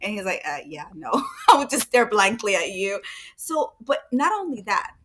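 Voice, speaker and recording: A woman's voice: mid-range voice, sing-song, moderate pace, fairly bright tone, a little hiss or hum. A woman hosting a casual interview, asking rambling, enthusiastic questions. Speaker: host.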